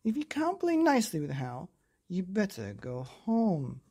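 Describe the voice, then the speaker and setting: A man's voice: high voice, huge pitch swings, measured pace, warm tone, breathy edge, pitched above the performer's own voice, exaggerated voice. A man reading aloud, voicing a stern but kind mother in a bedtime story. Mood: cross. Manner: scolding.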